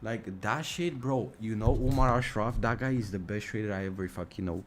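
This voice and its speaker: A man's voice: fairly low pitch, normal speed, slight background noise. Exasperated young man ranting on a live stream. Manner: exasperated, sarcastic, profane, repeats "bro". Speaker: livestream trading streamer. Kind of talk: casual live-stream rant. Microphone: mic right at the mouth.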